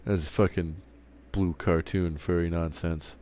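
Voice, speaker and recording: A man's voice: sits low, fairly even intonation, a little slow, dark tone, a little hiss or hum. A man streaming live, ranting casually with lots of swearing and stumbling restarts. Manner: profane, rambling, restarts often. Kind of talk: casual rant while streaming.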